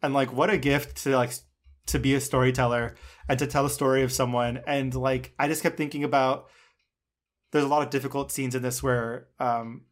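A man's voice: mid-range voice, flat delivery, brisk. A man co-hosting a film review podcast, talking in an effusive, casual way with lots of filler words. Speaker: podcast co-host.

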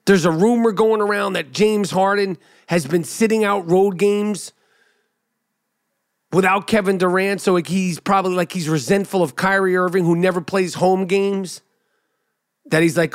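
A man hosting a podcast, riffing on basketball in a brash, profane, animated way. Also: high voice, moderate pace. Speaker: podcast host. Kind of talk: casual basketball commentary monologue.

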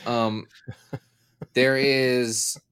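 A man's voice: mid-range voice, level tone, very slow, fairly bright tone, smooth. Joking man from Kentucky on a podcast. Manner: joking, prone to long explanatory tangents. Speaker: podcast co-host. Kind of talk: casual chat.

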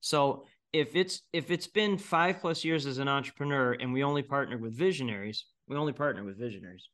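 Middle-aged male guest, blunt and opinionated, laughs a lot, mid pitch. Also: a little fast, fairly bright tone. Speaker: guest entrepreneur. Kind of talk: casual interview talk.

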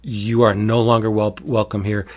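Angry orc king, curt and dismissive, played by a man a little lower and quieter than his usual voice. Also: level tone, normal speed, natural voice.

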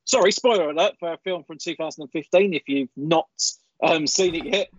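A man's voice: fairly high pitch, fairly quick, dry recording. A man co-hosting a casual podcast, talking in an indignant, ranting way. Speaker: podcast co-host. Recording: dull lo-fi dry audio.

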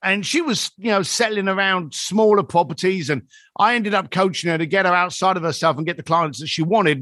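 A man in his fifties tells stories as a podcast guest, his voice sitting high and bright. He swings his pitch widely, acting out each quoted line. The sound is close and dry. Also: dry recording. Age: 50s. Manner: animated storyteller acting out quoted dialogue. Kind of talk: storytelling in a podcast conversation.

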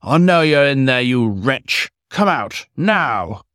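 A man voicing a furious male pursuer in a storybook reading, who barks loud threats. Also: mid-range voice, lively intonation, unhurried, dry recording, clean studio sound, voice pushed up.

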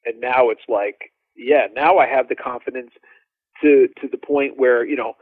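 A male drummer telling animated stories as a podcast guest, with lots of fillers and restarts. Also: mid-range voice, moderate pace, dry recording. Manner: animated, laughing storyteller, many fillers. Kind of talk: casual storytelling interview. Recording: dry phone-like line.

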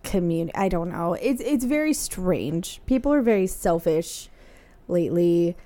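A woman's voice: fairly low pitch, animated, dark tone. Hesitant young woman comedian. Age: young adult. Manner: hesitant, self-deprecating, halting restarts. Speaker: comedian guest. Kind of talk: casual chat.

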